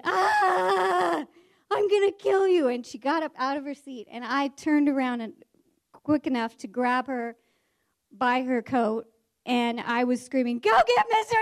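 Woman, former teacher, storytelling, animated, slightly high-pitched voice, acts out character voices.

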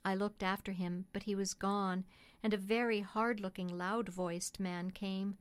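Woman narrator for an audiobook, measured and gentle, mid-pitched. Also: steady tone, smooth. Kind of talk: scripted storybook narration.

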